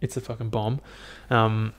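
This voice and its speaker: A man's voice: on the low side, level tone, measured pace. A man hosting a casual solo podcast, rambling and swearing freely. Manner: rambling, heavy swearing, amused. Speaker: podcast host. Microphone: headphones and podcast mic.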